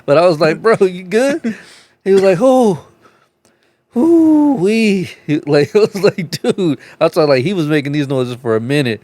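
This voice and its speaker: A man co-hosting a comedy podcast, telling crude stories in profane casual banter, laughing often and acting out other voices with big jumps in pitch. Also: fast talker, few pauses, a little mellow, dry recording. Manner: profane storyteller, laughs through his stories. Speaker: podcast co-host. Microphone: podcast studio mic.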